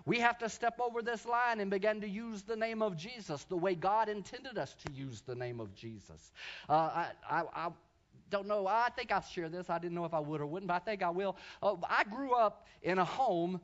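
A pastor tells a story from the pulpit in a fairly high voice, dropping into quiet asides and then rising into loud, shouted preaching. His sermon sounds a little muffled, like a church telecast. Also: animated, normal speed.

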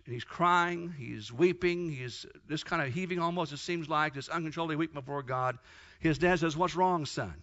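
Male preacher, fervent and emphatic, high-pitched, muffled lo-fi sound. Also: bright, forceful tone. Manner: fervent, emphatic retelling of Bible stories. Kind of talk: sermon. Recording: dull lo-fi recording.

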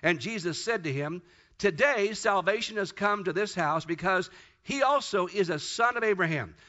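High, bright-voiced preacher man. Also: expressive. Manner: emphatic, slows down to stress scripture. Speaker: pastor. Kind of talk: sermon. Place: church service. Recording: dull lo-fi sound.

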